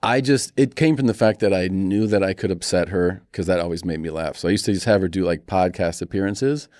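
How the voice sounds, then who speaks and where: Lively low-voiced male storyteller. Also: fairly quick, dry recording, clean studio sound. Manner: animated storyteller, acts out quoted voices. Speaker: comedian guest. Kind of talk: casual storytelling interview.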